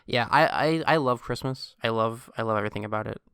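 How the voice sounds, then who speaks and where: A man's voice: mid-range voice, fast, vocal fry, a bit bright, clean tone, no room sound, clean studio sound. A young man co-hosting a podcast, enthusiastic and giggly, often stammering as he restarts sentences. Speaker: podcast co-host. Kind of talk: casual chat.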